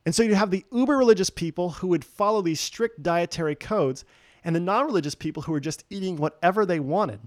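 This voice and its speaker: A man's voice: fairly high pitch, no room sound, studio quality. A man preaching a sermon, telling a story with jokes and acting out the quoted voices. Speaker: pastor.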